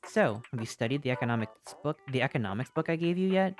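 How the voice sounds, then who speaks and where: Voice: mid-range voice, lively intonation, fast talker, soft background music, lightly acted. A streamer voicing a blunt, cagey old woman shopkeeper who lectures in folksy talk. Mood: gruff.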